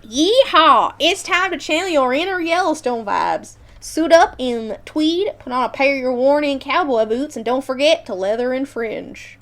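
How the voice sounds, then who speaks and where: A woman putting on a showy Western cowboy voice to read out a quiz result, loud and drawling. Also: high-pitched, animated, normal speed, few pauses, voice pushed up. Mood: hammy.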